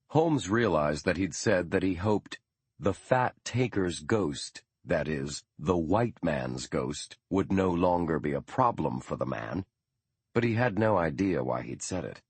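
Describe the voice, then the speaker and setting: A man reads scripted audiobook narration in a measured, even storytelling style. His voice is low and slightly rough, and the recording is dry.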